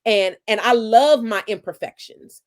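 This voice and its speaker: A woman's voice: on the high side, a little slow. A woman in her forties, an author being interviewed, reflecting earnestly on family and parenting as she tells her story. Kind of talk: conversational interview.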